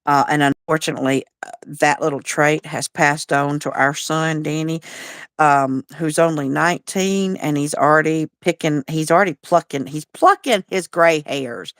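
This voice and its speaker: Lady in her 40s rambling on a livestream, lowish voice, dry close sound. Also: normal speed, a bit bright, dry recording. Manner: rambling and chatty, with frequent restarts and a drawl. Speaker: livestream host. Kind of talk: casual chat, reading viewer comments.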